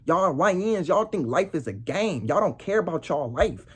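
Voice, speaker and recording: A man's voice: on the high side, very animated, normal speed, fairly bright tone, slightly rough. A young man vlogging a heated, casual story in street slang, ending lines with "bro" and "nigga".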